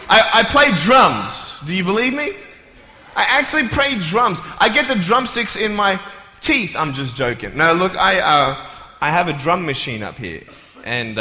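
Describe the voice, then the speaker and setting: A playful Australian man tells jokes and acts out scenes in a motivational talk to a live crowd. His voice sits high and comes across very bright and sharp. It rings through a large hall with a long, roomy reverb. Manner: playful, joking storyteller who acts out scenes. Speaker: motivational speaker. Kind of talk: humorous motivational speech. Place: large hall, on stage before an audience.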